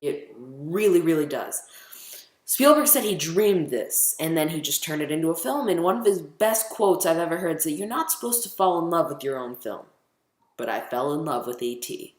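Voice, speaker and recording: A man's voice: a little high, sing-song, moderate pace. A teenage boy vlogging casually, rambling and chatty, full of ums as he counts down his favorite movies. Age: teens. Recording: echoey room.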